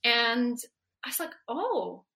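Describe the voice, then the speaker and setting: A woman in her forties, a healer and coach, talking casually in an interview, animated and laughing often as she acts out quoted dialogue. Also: on the high side, takes it slowly, gravelly. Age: 40s.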